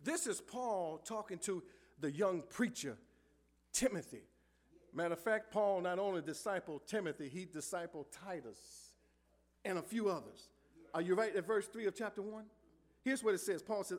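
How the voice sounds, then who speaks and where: A male pastor preaching a sermon in church. He calls out to the congregation for answers and swings between hushed lines and loud ones. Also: high voice, normal speed. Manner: call-and-response preaching, swings from soft to loud. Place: church sanctuary.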